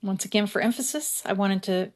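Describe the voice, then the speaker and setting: A woman casually explaining her journaling steps as she works, now and then slowly reading verses aloud. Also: mid-range voice. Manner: relaxed, chatty, reads verses aloud slowly. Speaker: creator. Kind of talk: casual craft tutorial narration.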